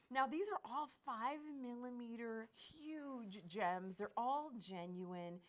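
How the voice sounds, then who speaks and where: A woman hosting a live shopping stream, bubbly and quick to laugh, with lively sales patter. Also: fairly high pitch. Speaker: shopping channel host.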